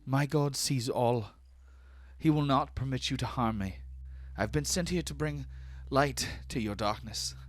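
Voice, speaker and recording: A man's voice: mid-range voice, dry recording, voice pushed up, natural voice. A man voicing a solemn elf priestess. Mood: defiant pious. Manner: solemn, slow, insistent. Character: frightened female elf priestess.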